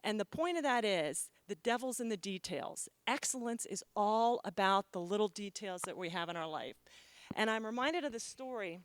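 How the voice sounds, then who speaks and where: A middle-aged woman giving a lively, joking motivational talk as keynote speaker. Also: mid-range voice, moderate pace, dry recording. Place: conference stage.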